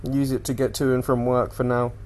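A man's voice: medium pitch, a little fast. Sweary rambling man. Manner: rambling, sweary, animated retelling. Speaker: podcast host. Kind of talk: casual solo chat.

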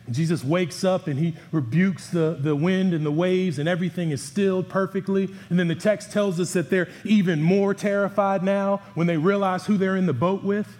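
A fairly high-voiced male pastor preaches with emphatic rises and low drops on his key words. His sermon rings out with a long reverb from the church hall around him. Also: steady tone, moderate pace, few pauses, a little mellow. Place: church sanctuary.

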